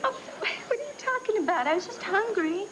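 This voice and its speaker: An actress in a 1980s soap opera playing a young woman in love who is bright and quick to laugh. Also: very high voice, expressive, noisy background.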